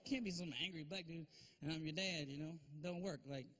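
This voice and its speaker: A man's voice: fairly high pitch, fairly quick, a bit bright, a little hiss or hum. A male stand-up comedian on stage telling family stories in a loose, conversational way, peppering lines with "you know?" and "man.". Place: stage at a live comedy show.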